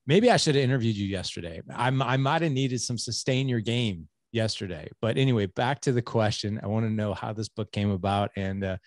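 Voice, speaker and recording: A man's voice: lowish voice, a little fast, few pauses, no echo, clean studio sound. A man in his forties hosting a podcast interview, telling a candid, self-deprecating story from home life. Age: 40s. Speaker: podcast host.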